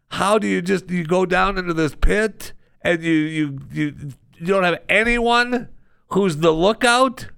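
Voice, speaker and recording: A man hosting a radio show, chatting casually and telling a story with lively jokes from a studio. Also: high voice, creaky, clean tone, no room sound. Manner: animated storytelling, joking. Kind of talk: casual chat.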